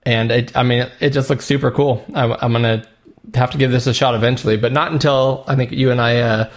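A man's voice: mid-range voice, fairly even intonation, fairly quick. Easygoing man, casual gaming chat. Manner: easygoing, laughs often, joking asides. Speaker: podcast co-host.

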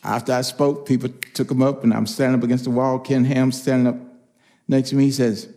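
An older man preaching a personal testimony, telling stories with lively quoted voices. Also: mid-range voice, brisk. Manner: animated storytelling, acts out quoted voices. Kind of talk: testimony sermon.

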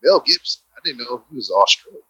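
A man chatting casually about movies, swearing freely and telling animated stories. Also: medium pitch, fast, breathy edge, no echo, rough recording. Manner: profane, animated, laughing storyteller. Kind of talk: casual chat.

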